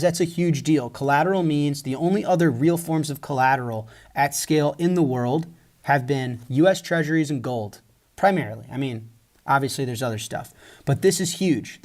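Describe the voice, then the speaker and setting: A man with a fairly high voice delivers emphatic, animated commentary straight to his audience. He mocks the people he talks about, acts out their words and swears casually along the way. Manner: emphatic, mocking, mimics others in quoted rants.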